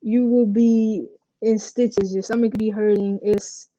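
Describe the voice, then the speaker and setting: A woman's voice: mid-range voice, unhurried, no room sound, rough recording. A young woman from Puerto Rico, a professional basketball player, telling candid stories in a casual interview, full of fillers. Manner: candid, animated storytelling with many fillers.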